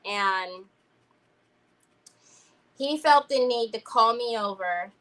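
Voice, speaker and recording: A woman's voice: on the high side, slow pace, fairly bright tone, poor audio. A woman, chatting casually and rambling through a story while she crafts on a livestream. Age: 50s. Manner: chatty, rambling, addresses viewers as y'all.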